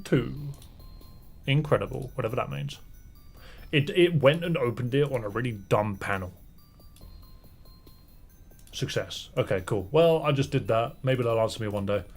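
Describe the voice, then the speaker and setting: Brief: male game streamer, husky voice, mid pitch, casual muttering commentary. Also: expressive, measured pace, pauses often, faint music behind. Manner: chatty, muttering asides to himself. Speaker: streamer playing a fangame. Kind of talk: casual gaming commentary and reading dialogue aloud.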